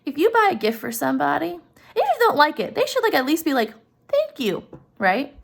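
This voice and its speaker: A woman casually retelling a story, turning often to ask her listeners questions and filling pauses freely. Her voice is fairly high and has a gravelly, creaky texture. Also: big pitch swings. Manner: chatty, addresses listeners directly, many fillers.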